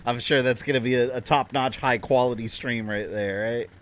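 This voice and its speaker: A man's voice: mid-range voice, steady tone, moderate pace. A man chatting casually at his home desk while livestreaming a game, rambling and joking at his own expense. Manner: chatty, rambling, self-deprecating. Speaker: game streamer.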